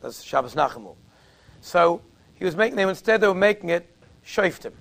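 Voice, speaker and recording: A man's voice: sits high, very animated, brisk, creaky, fairly bright tone. A man giving a sermon in a conversational, anecdotal storytelling way. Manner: conversational, anecdotal, uses Yiddish and Hebrew terms. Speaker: rabbi giving a talk.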